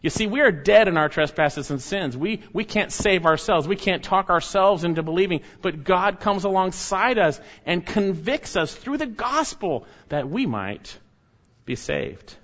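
A man's voice: expressive, measured pace. Emphatic preacher man, dull lo-fi sound. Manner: emphatic preaching, swinging from loud high stresses to quiet low asides. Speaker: pastor. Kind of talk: sermon.

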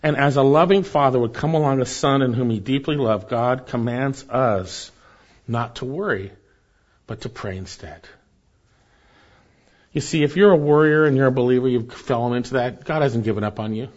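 A pastor preaches with rising emphasis and soft, low drops. His voice sits at a middle pitch for a man. The recording is a little dull and muffled. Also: moderate pace. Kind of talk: sermon.

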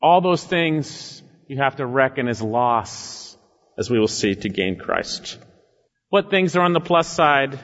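A man preaching an expository sermon, emphatic, rising on key phrases and sinking low and slow at the end of a thought. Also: expressive, a bit bright. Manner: emphatic, swells in pitch and volume on key phrases, drops low and slow at line ends. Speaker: pastor. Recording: muffled sound with long hall reverb.

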